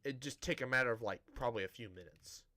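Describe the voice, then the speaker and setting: A man's voice: mid-range voice, quick pace, bright, forceful tone. A man streaming a building game, chatting casually to viewers in a rambling, self-interrupting way with a dry, sarcastic-sounding tone.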